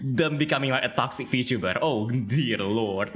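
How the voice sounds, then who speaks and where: A man's voice: mid-range voice, animated, unhurried, fairly bright tone, soft background music. A man hosting a casual online interview, rambling with many fillers and laughing often. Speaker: interview host. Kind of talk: casual video interview chat.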